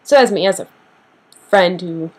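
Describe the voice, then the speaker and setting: A young woman ranting casually to the camera in a sassy, animated way, acting out what people say with big jumps in pitch. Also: moderate pace, poor audio. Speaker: vlogger.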